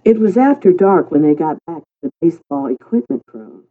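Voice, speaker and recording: An audiobook narrator reading a story in a calm, unhurried way that turns lively in dialogue. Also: medium pitch. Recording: tinny phone-like sound.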